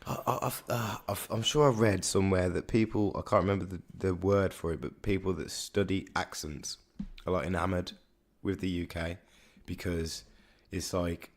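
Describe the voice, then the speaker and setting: Young brummie guy with a really low voice, chatting on a podcast, keeps tripping over his words. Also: steady tone, normal speed. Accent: Birmingham. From Birmingham, England. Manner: rambling, stumbles and restarts often. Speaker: podcast co-host. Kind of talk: casual chat.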